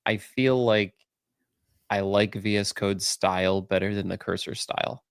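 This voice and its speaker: A man co-hosting a podcast, chatting casually in a relaxed, rambling way with many fillers. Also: on the low side, moderate pace, creaky, clean tone, dry recording, clean studio sound. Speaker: podcast co-host. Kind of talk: casual chat.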